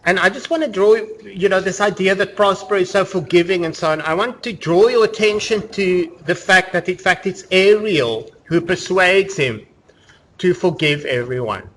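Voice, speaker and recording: A man lectures to a class in a relaxed, talky way, circling back with "you know" and "kind of". His voice sits a little high for a man. A faint room noise runs under the recording. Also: normal speed. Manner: conversational, explaining with many fillers. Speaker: university lecturer.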